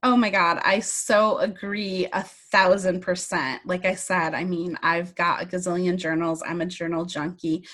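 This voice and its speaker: A woman's voice: lowish voice, a bit bright. A woman hosting a podcast, effusive and upbeat in casual interview chat, with lots of fillers. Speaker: podcast host.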